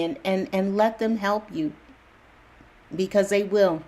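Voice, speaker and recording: A woman's voice: mid-range voice, slow pace, long pauses, mellow. A woman hosting her own video channel, giving viewers a casual, reassuring spiritual pep talk in loose, slangy phrasing, chuckling often.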